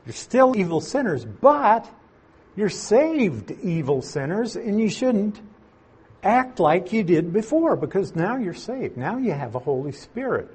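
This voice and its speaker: A man's voice: sits high, big pitch swings, a little mellow, slightly rough. A man teaching the Bible verse by verse, reading passages aloud and explaining them with emphasis. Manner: slow, emphatic, reads scripture aloud and explains it.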